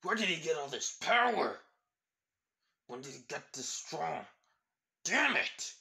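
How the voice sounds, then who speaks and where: A man voicing a hot-tempered teenage boy in a fan story he reads aloud, shouting his lines. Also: on the high side, sing-song, a little fast, creaky, pitched above the performer's own voice, exaggerated voice. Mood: furious. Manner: shouting, exclaiming.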